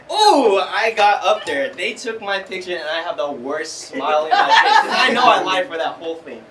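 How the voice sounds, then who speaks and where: Animated young man telling a stage story. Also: high voice, normal speed, few pauses, slight background noise. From California. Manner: animated, self-mocking, acting out quotes. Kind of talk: live story slam storytelling. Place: small theater stage. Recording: roomy theater sound from a distance.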